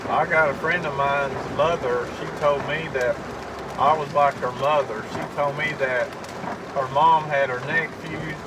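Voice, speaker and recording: A middle-aged man rambles through a casual vlog monologue, circling back over the same thoughts and cursing when he gets angry. His voice sits a little high. Heavy rain drums on the car around him, clearly heard under his voice. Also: very noisy. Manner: rambling, repeats himself, swears when angry. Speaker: vlogger.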